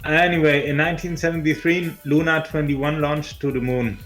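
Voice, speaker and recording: A man's voice: on the high side, steady tone, normal speed, fairly bright tone, faint music behind, rough recording. A man co-hosting a casual podcast, reading history facts and making dry, offhand remarks. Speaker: podcast co-host.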